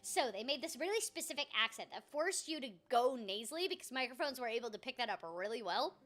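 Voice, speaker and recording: A woman with a high, bright voice that bounces all over the place chats her way through a gameplay stream. She talks in an animated, scattered way, full of ums and self-mocking little asides. Her tone is lively and chatty. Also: quick pace. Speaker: voice actor streaming a video game. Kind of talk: casual gameplay chat.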